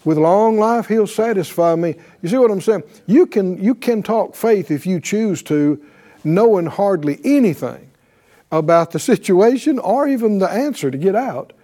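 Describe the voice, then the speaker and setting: A man's voice: high voice, moderate pace. A man preaching a sermon, often asking "right?" and acting out voices of believers speaking faith. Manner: animated, calls for responses with "right?".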